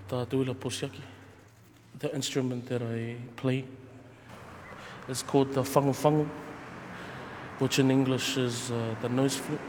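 A man from Tonga, a nose flute player, calmly explaining his instrument in an interview with lots of ums and uhs. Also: mid-range voice. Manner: calm, explaining with many fillers. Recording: echoey with clear background noise.

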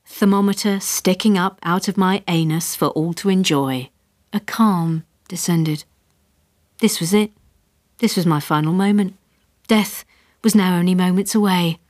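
A woman's voice: mid-range voice, no room sound, studio quality. Wry woman reading a comic memoir. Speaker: narrator.

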